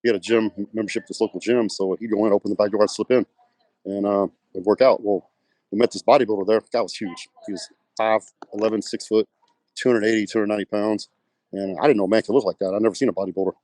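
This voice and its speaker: In a casual interview, this West Texas guest, a middle-aged pro bodybuilder with a Texan accent, talks fast in a fairly low, darkish voice with a steady tone. His anecdotes wander and are full of fillers, and he acts out the lines he quotes. There's no echo on the recording.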